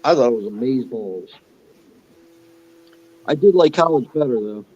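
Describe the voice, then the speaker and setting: A man's voice: medium pitch, animated, moderate pace, warm tone, breathy edge, dull audio. A man co-hosting a podcast, laid-back and joking in casual chat. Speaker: podcast co-host.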